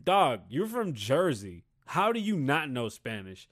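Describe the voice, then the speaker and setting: A Puerto Rican man in his thirties hosts a podcast, launching into a blunt, heated rant full of swearing. His mid-range voice is a bit bright and sing-song, moving at a measured pace.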